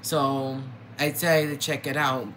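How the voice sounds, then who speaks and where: An upset young vlogger rants to viewers and keeps circling back to the same complaint. The voice swings from low and mumbled to sudden high outbursts. Pitch sits mid-range, with a faint hiss of room noise behind it. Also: flat delivery, a little slow. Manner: agitated, repeats itself, voice jumps high and loud when upset. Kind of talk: ranting to camera.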